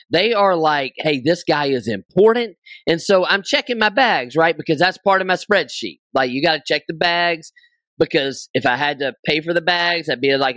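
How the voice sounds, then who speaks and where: A man's voice: fairly high pitch, a bit bright, no room sound. A man co-hosting a podcast, musing and rambling in casual chat. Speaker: podcast co-host.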